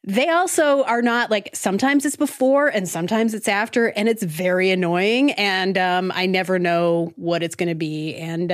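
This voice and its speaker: A woman co-hosting a casual chat podcast, wry and playful. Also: mid-range voice. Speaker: podcast co-host.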